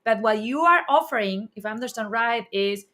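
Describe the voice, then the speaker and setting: A woman's voice: on the high side, lively intonation, brisk, a bit bright. A woman hosting a parenting interview, asking questions in an earnest way and thinking aloud as she talks. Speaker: host. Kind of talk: casual interview.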